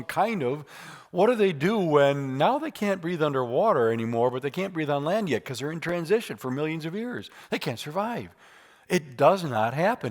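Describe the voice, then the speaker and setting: A man giving a lively church lecture on faith and science, speaking in an emphatic, conversational way with touches of humor. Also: medium pitch. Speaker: church speaker teaching apologetics.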